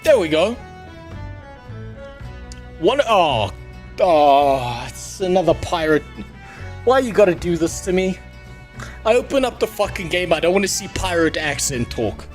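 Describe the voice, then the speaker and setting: A man's voice: on the high side, very animated, measured pace, long pauses, faint music behind. A man streaming a game, talking casually to himself and his chat, grumbling and swearing constantly. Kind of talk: casual gameplay commentary. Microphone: headset.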